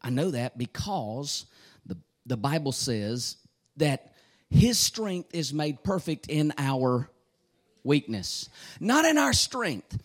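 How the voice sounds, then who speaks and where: A man preaching a fervent sermon, repeating phrases and breaking into shouts. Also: a little high, sing-song, slow pace.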